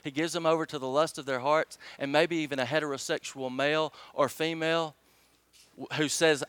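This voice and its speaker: A man's voice: fairly high pitch, brisk, a bit bright, clean tone, no echo. A man preaching a sermon, reading scripture emphatically and asking the congregation rhetorical questions. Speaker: pastor.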